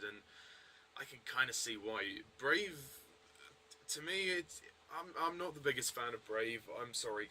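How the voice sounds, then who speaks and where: A man talks through a film review in a loose, unscripted way, stumbling over restarts and filler words. His voice is strikingly bright and edgy at a middling pitch. A faint hiss sits behind him. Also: low-quality recording. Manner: rambling, hesitant, many fillers and restarts. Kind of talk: casual video review.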